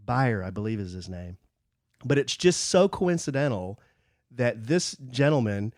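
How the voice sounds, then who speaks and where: A man swaps stories with his co-host on a casual podcast, warming up and getting animated as he recounts his trip. His voice sits at an ordinary middle pitch, and the sound is close and dry, with no room echo. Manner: storytelling, animated when recounting. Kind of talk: casual chat.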